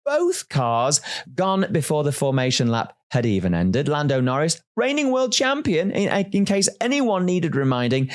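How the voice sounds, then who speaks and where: A man reading a scripted, sarcastic motor racing recap in a wry, lively way. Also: fairly high pitch, moderate pace. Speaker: listener contributor presenting a race recap. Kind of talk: scripted comedic race recap.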